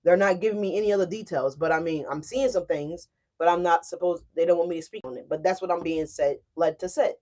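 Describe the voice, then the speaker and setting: A woman giving a casual tarot reading to her viewers, animated and emphatic. She often checks in with "right?" and swears freely. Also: lowish voice, fast talker, hardly any pauses. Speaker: tarot reader.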